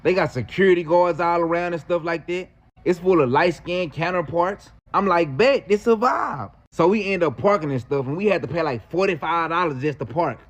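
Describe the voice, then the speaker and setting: A man telling a story in a casual, slangy, animated way. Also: on the high side, brisk.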